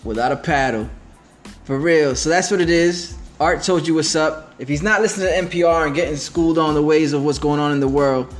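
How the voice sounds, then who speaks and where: A man's voice: fairly high pitch, brisk, soft background music. A man hosting a casual podcast, talking in a laid-back, slangy way with lots of fillers while eating. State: talking with his mouth full. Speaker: podcast host. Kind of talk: casual chat.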